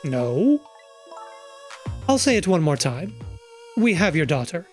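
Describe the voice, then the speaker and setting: A streamer voicing a cold male kidnapper who makes calm, measured threats over the phone. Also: medium pitch, soft background music. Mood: menacing. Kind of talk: reading game dialogue aloud.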